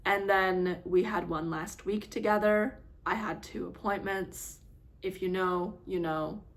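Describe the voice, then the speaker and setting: A woman vlogger casually telling a personal story, acting out both sides of a phone call in an animated way. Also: medium pitch, unhurried. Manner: animated, reenacts her own phone call with quoted voices.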